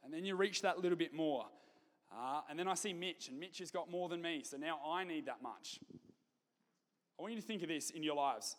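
Aussie preacher guy, kinda high voice, echoey church hall, animated storytelling. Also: a little fast. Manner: lively, animated, jokey asides. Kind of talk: sermon with storytelling.

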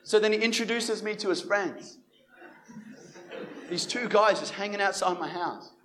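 A young Christian evangelist with a high-pitched voice shares a personal faith testimony at a moderate pace, against slight background noise. He's animated and acts out the dialogue he quotes.

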